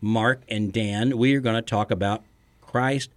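Earnest middle-aged pastor hosting a podcast. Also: male voice, on the low side, fairly even intonation, a little slow. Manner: earnest, storytelling, chuckles between points. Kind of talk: conversational podcast teaching.

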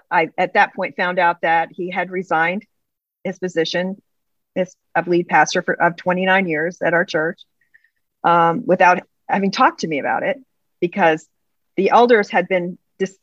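A woman's voice: lowish voice, fairly even intonation, moderate pace, fairly bright tone, no room sound. A middle-aged woman, a pastor's wife, telling her personal story in an interview in an earnest way and acting out past conversations. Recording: slightly dull lo-fi sound.

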